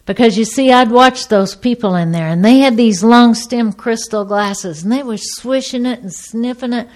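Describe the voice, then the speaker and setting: A middle-aged woman giving a personal testimony to an audience, a lively storyteller who acts out the people in her story. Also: a little high, normal speed. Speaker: speaker sharing her recovery story.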